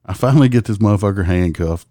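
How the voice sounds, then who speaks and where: A man's voice: on the low side, fast, dark tone, no echo, clean studio sound. A man, a host telling a casual, profane story and laughing as he goes. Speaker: podcast host and police officer.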